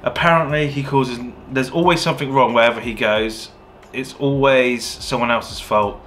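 A man with an English West Country accent tells a story in a loose, chatty way, swearing freely and getting animated as he acts out the other people. His voice sits at a middle pitch. A faint hiss runs underneath. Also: normal speed. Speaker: vlogger and takeaway owner. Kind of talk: casual storytelling.

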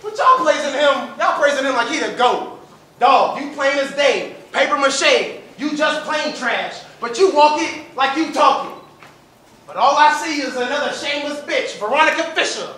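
A man from Florida performing a battle rap with a brash, taunting delivery and shouted punchlines. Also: extremely high pitch, lively intonation, moderate pace, slight background noise. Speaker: battle rapper. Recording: echoey room, mic far off.

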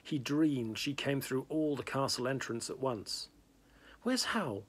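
A man's voice: medium pitch, measured pace. A man reading a novel aloud in plain narration, with small slips and restarts. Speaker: reader.

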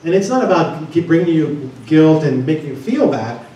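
A man's voice: on the high side, expressive, normal speed, warm tone, muffled recording. Man speaking in an echoey hall. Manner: asks the audience many questions. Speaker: conference speaker. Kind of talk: seminar talk to an audience. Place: large conference room. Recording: echoey room, distant mic.

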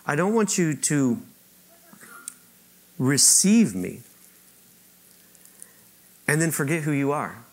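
A man preaching a sermon to his church, talking conversationally, often repeating words as he restarts and asking the congregation questions. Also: medium pitch. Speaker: pastor. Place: church auditorium.

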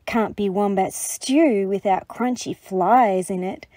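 A woman voicing a scornful old male lizard in a storybook reading, hissing and slow. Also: medium pitch, warm tone, dry recording, far from the mic.

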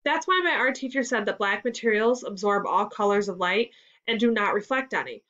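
A woman voicing a bright, cheerful young girl who sounds pleased with herself in a storybook reading. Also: medium pitch, lively intonation, fairly quick, natural voice. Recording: slightly dull lo-fi sound.

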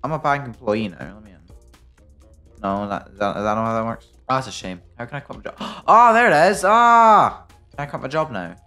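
A British man commenting on his own gameplay as a video creator, jokey and excitable, breaking into sudden loud yelps. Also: medium pitch, a little fast, faint music behind. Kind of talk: playing a game and commenting.

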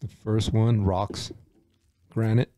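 A man co-hosting a casual podcast, guessing answers out loud in a blunt way and swearing freely. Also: on the low side, level tone, slow, dry recording, clean studio sound. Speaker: podcast co-host.

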